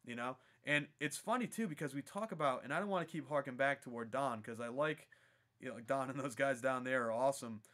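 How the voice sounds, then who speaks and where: A man's voice: medium pitch, fairly quick, fairly bright tone. A man who coaches throwing, chatting on a podcast in an earnest way and reasoning things out step by step. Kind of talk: casual podcast chat.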